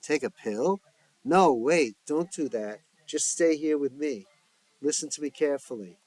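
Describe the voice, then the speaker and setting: A man's voice: a little high, lively intonation, unhurried, darkish tone, voice pushed up, poor audio. A man voicing a frightened, protective young woman friend, speaking urgently.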